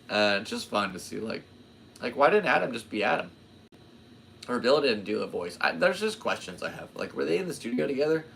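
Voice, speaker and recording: A man's voice: mid-range voice, lively intonation, moderate pace, vocal fry, fairly bright tone, slight background noise. A man in his twenties hosting his own podcast, talking in a rambling, jokey way that drifts into tangents. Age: 20s. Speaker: podcast host. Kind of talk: casual rambling monologue.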